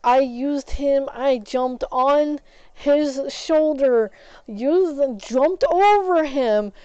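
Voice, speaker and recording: A woman's voice: sits high, drawn-out words, dark tone, dry recording, dull audio. A woman streamer telling a story in a rambling way while she plays a game, swapping in "flip" for swear words. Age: adult, has an ex-husband. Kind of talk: casual storytelling while gaming.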